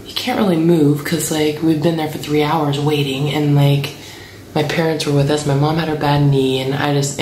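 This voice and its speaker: A woman in her thirties telling a family travel story to camera in a chatty, animated way, acting out what people said. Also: low-pitched, roomy sound, slight background noise, rough recording. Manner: chatty, animated, acts out quotes.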